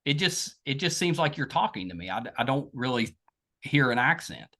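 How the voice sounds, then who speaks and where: A woman's voice: very deep voice, big pitch swings, normal speed, fairly bright tone. A woman from West Virginia with a strong Southern drawl, hosting a podcast interview in a chatty, self-deprecating way. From West Virginia, USA. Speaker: podcast host. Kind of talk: casual interview chat.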